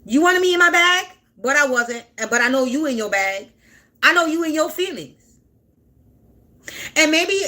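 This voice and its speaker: A woman in her forties with a high voice talks straight to camera in an unscripted monologue. Her tone is sharp and forceful. She swears bluntly and keeps repeating her points. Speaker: spiritual content creator.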